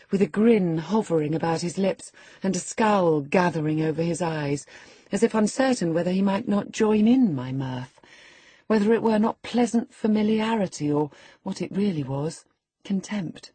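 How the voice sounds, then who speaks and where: Woman reading spirited proud young lady, scornful, low and husky. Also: dry recording. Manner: lively, scornful storytelling.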